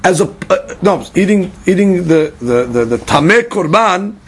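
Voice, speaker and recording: Gravelly high-voiced man teaching Talmud. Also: normal speed, slight background noise. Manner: animated, questioning, repeats words, mixes Hebrew and Aramaic terms into English. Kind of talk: Talmud study lesson.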